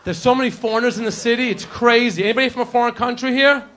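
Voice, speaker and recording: Male stand-up, high bright voice, loud punchlines, live club with faint laughter. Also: fairly even intonation, racing. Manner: brash crowd work, shouting punchlines and acting out characters. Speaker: stand-up comedian. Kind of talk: stand-up routine. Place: comedy club stage. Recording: live club with crowd laughter and ambient noise.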